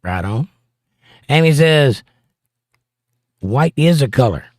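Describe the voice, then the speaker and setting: A man's voice: mid-range voice, animated, slow, no echo, studio quality. A middle-aged man hosting a livestream, reading viewer comments aloud in casual chat with wry joking asides. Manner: wry, joking asides between read-outs. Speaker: livestream host.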